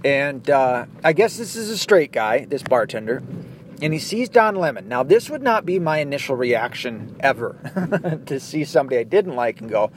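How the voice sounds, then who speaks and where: A man's voice: medium pitch, sing-song, moderate pace, a little hiss or hum. A man hosting a podcast, ranting casually in a blunt, profane, opinionated way. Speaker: podcast host.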